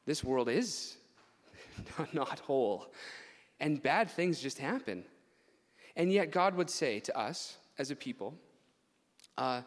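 A young man preaching as a youth pastor, conversational and animated, laughing and acting out asides. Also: mid-range voice, normal speed. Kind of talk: sermon. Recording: long hall reverb.

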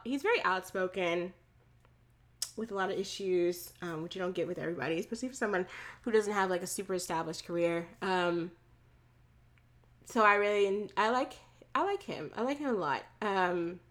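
A woman's voice: mid-range voice, sharp tone. A woman, co-hosting a casual chat, talking loosely with many fillers and easy laughs. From Texas. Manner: chatty, frequent "like" and "um" fillers, laughs easily. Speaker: podcast co-host.

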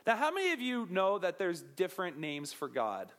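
A young man giving an energetic, joking sermon as a pastor, asking the audience questions. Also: high voice, normal speed. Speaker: youth pastor.

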